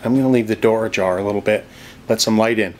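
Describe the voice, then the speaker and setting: A man's voice: on the low side, fast, a little hiss or hum. A man giving a casual, enthusiastic walking tour of a cabin by a creek, talking to the viewer as he goes. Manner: chatty, enthusiastic, drops into soft whispers indoors. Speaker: real estate vlogger touring a property. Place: outdoors by a creek and inside a log cabin.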